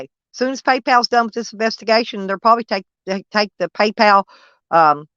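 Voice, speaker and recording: A Southern American woman with a mid-range, slightly bright voice chats casually on a livestream, rambling as she reads live chat and talks back to viewers by name. The audio is dull, lo-fi, and dry with no room sound.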